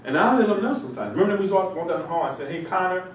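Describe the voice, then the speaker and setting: A man's voice: high-pitched, lively intonation, very fast, a little hiss or hum. A man with a cold lecturing to a class, rambling and firing off rhetorical questions. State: has a cold. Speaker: instructor. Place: university classroom. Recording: echoey classroom, from far off.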